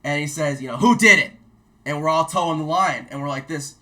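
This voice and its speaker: A man and army veteran, a guest telling stories in casual chat, profane and animated, mimicking shouted orders as he goes. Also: fairly high pitch, a little fast. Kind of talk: casual storytelling.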